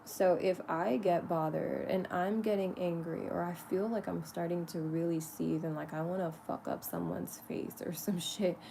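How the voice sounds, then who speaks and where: A woman with a low, gravelly voice delivers a chatty spiritual vlog monologue. She is candid and swears freely, often breaking into laughter. A faint hiss of room noise sits underneath. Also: expressive, moderate pace, hardly any pauses. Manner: talks to herself lovingly in soft asides. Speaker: spiritual vlogger.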